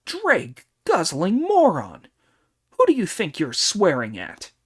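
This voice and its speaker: A man voicing a brash, hot-tempered immortal monkey hero who shouts taunts in a raised voice. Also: huge pitch swings, moderate pace, exaggerated voice. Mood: furious. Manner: shouting taunts, loud and high.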